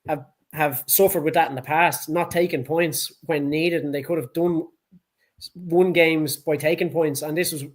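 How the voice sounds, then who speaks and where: A man's voice: a little high, steady tone, normal speed. A man with a Dublin accent co-hosting a casual sports chat, blunt, heated and full of swearing. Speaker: podcast co-host.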